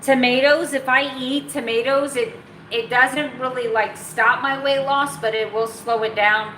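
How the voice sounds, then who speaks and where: A woman's voice: high voice, steady tone, measured pace, pushed and bright, a little hiss or hum. A woman casually chatting in a home vlog, bubbly and talkative, breaking into baby talk for her dogs. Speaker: keto vlogger. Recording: echoey room, mic at a distance.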